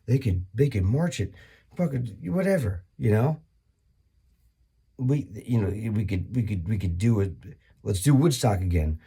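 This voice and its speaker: A man doing a rambling, profane comedy monologue, full of restarts and sudden high-pitched bursts. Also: lively intonation, measured pace, vocal fry, dark tone, slightly rough.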